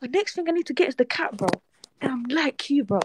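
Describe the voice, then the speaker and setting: A woman's voice: high voice, lively intonation, fast, noisy background. An eighteen-year-old woman from Iraq calling into a livestream, gushing and copying street slang. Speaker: caller. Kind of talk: call-in on a livestream.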